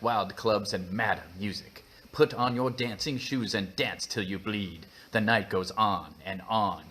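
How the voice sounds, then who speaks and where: A man reading a book aloud as a brooding private eye, in a mock Cockney accent with a slow, emphatic, theatrical delivery. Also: on the low side, sharp tone, slight background noise.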